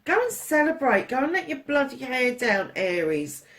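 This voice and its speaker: A woman's voice: high-pitched, sing-song, normal speed, fairly bright tone. A woman reading tarot cards for her viewers in a chatty, affectionate way, calling them darlings and swearing freely. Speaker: tarot reader. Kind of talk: casual tarot reading to camera.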